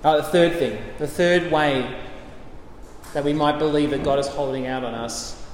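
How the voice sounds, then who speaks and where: A man's voice: on the high side, steady tone, moderate pace, a little hiss or hum. A man preaching a sermon, emphatic and repetitive, with light chuckles. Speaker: pastor. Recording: echoey hall with faint ambience.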